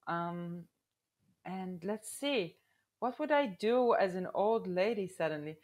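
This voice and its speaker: A woman guest on a podcast in casual chat, playful and quick with jokes. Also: lowish voice, a little mellow.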